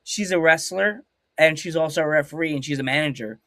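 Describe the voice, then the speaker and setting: Man hosting a live stream, rambling, jokey, self-mocking, slightly high voice, dry sound. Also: brisk, pushed and bright, no echo. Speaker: podcast host. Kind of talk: casual live-stream interview chat.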